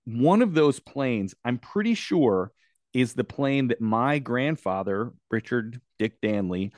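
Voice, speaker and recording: A man's voice: medium pitch, expressive, takes it slowly, no room sound, studio quality. A man co-hosting a podcast, telling stories in a chatty, casual way into a podcast microphone. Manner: chatty storyteller. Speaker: podcast co-host. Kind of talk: casual chat.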